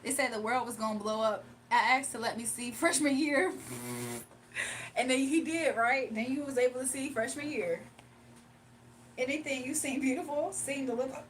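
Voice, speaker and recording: A young female live streamer with a high voice chats casually with her viewers at normal speed, laughing often and sometimes breaking into a few sung lines. The mic sits slightly distant, with faint room noise underneath.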